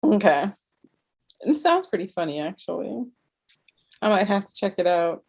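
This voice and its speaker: A woman in a casual book chat, giving relaxed, brief reactions. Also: mid-range voice, normal speed, creaky, husky. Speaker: book reviewer.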